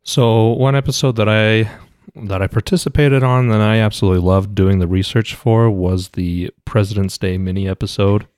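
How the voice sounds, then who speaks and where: A man's voice: fairly low pitch, steady tone, moderate pace, a little mellow, dry recording, clean studio sound. A man who is a chef, talking eagerly as a podcast guest. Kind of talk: casual chat.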